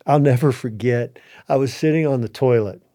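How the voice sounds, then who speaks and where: A middle-aged man with a warm, mellow voice shares a personal story as a podcast guest. He talks in an earnest, heartfelt way and often starts his sentences over. His pitch sits in an ordinary middle range. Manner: earnest and heartfelt, with halting restarts. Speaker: interview guest.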